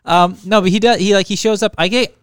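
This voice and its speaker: Higher-voiced man joking in casual chat. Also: fairly even intonation, fast talker, clear, resonant tone, no room sound, studio quality. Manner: joking, playful asides. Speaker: podcast co-host.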